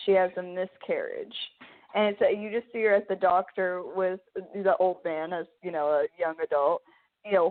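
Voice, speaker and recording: A young woman chats loosely on a podcast, circling back and restarting her sentences as her feelings run high. Her voice sits in a middling pitch. The sound is narrow and tinny, as if over a phone line. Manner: rambling, emotional, many restarts. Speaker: podcast host. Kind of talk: casual chat.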